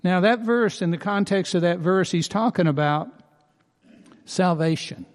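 With a long reverb tail trailing his words, a male pastor preaches earnestly and emphatically at a measured pace, his voice sitting high. He repeats key phrases for emphasis.

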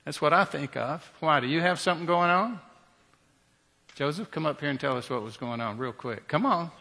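Lively preacher in a reverberant hall. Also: male voice, on the high side, a little fast, creaky. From Southern United States. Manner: humorous, animated, leads shouted cheers. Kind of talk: storytelling sermon.

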